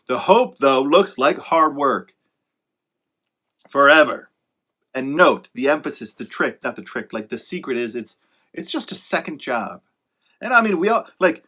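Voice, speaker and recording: Man with a fairly high voice, casual pep talk, rambling, self-correcting, emphatic, sarcastic asides. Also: sharp tone. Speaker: author giving writing advice. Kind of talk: casual motivational monologue.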